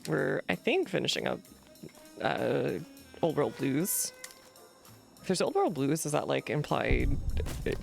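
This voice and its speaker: A woman with a low, heavily gravelly voice gives rambling let's-play commentary while game music plays softly behind her. Her pitch swings widely as she questions herself out loud. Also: big pitch swings, measured pace, long pauses. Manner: rambling, self-questioning, giggly asides. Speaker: gaming streamer.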